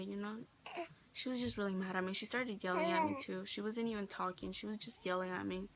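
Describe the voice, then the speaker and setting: Soft-spoken teenage girl vlogger. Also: medium pitch, moderate pace, a crowd in the background. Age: teens. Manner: talks softly with many fillers, sometimes near a whisper. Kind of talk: casual storytelling vlog. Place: indoor bedroom, holding a baby. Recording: noticeable background noise.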